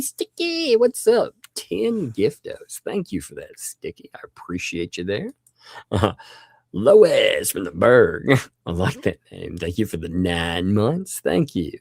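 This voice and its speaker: Male livestream host, low gravelly voice with lively pitch, dry close sound, laughs often. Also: dry recording. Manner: laughing often, drawn-out thank-yous. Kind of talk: casual livestream chat, thanking viewers.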